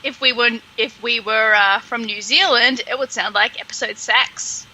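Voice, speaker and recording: A woman co-hosting a podcast in casual chat, teasing her partner and quick to correct her. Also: on the high side, sharp tone, slight background noise, low-quality recording. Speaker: podcast co-host.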